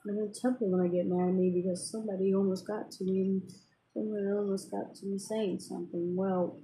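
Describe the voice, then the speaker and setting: A woman's voice: medium pitch, little pitch movement, fairly quick, dark tone, a little hiss or hum, poor audio. A woman venting in a casual, rambling way to her viewers, with many fillers and restarts. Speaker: vlogger. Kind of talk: casual personal venting to camera.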